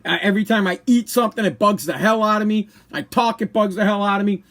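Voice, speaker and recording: A man's voice: high-pitched, quick pace, a bit bright. A man, hosting his own live-stream podcast and venting in a frustrated, rambling way that repeats his words. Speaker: podcast host.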